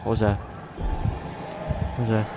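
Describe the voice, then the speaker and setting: A man playing a horror game, talking to it out loud, jumpy and quick to swear. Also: on the low side, monotone, loud music behind the voice. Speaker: gaming video host. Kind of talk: let's play horror game commentary.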